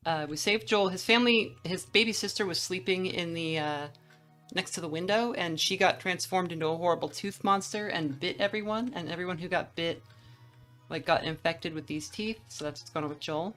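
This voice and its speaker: Relaxed low-voiced woman gaming. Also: normal speed, faint music behind. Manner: rambling, relaxed, with fillers. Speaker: streamer narrating a playthrough. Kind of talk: casual game commentary.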